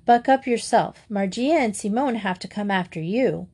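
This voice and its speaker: A woman voicing a lively, excitable schoolgirl who talks quickly. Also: mid-range voice, husky, natural voice. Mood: excited. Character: lively, flustered schoolgirl Grizel.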